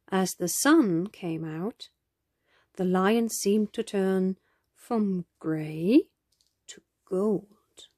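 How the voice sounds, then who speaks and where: A woman reading a children's picture book aloud in a gentle, expressive storytelling manner. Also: medium pitch, very slow, dry recording, studio quality. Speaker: storybook reader.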